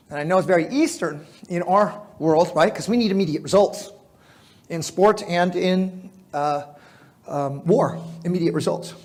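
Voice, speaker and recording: Animated, high-voiced American man telling stories. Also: moderate pace. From United States. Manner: animated, laughing storyteller with filler words and restarts. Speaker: speaker at a fitness symposium. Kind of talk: storytelling talk to a live audience.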